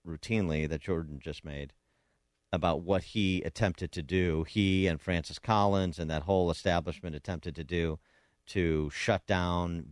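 A man's voice: deep voice, no room sound, studio quality. A man hosting a political talk radio show, speaking emphatically and combatively with frequent restarts.

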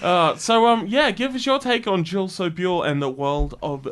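Animated man hosting. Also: sits high, normal speed. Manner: animated, acts out quotes with laughs. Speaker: host. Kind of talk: casual music review chat.

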